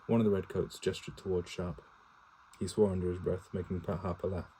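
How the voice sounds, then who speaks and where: A man's voice: sits low, little pitch movement, fairly quick, mellow, slight background noise, rough recording. A man reading a war novel aloud for his partner in a casual home read-aloud, stumbling and correcting himself, with swearing asides and no character voices.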